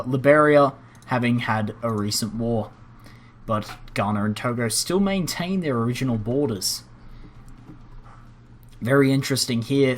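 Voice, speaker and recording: A young man commentating a strategy game timeline in a measured, dry and lightly wry way. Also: mid-range voice.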